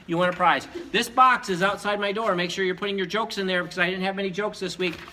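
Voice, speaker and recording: A man's voice: high voice, steady tone, fast, sharp tone, slight background noise, low-quality recording. A man, a teacher, telling long joke stories during school announcements in a playful, rambling way. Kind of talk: joke storytelling.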